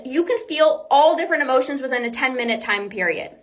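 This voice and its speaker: Earnest woman coach with a higher voice. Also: lively intonation, fast talker. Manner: earnest, repetitive, reassuring; acts out quoted self-talk. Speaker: binge eating coach and podcast host. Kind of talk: motivational podcast talk.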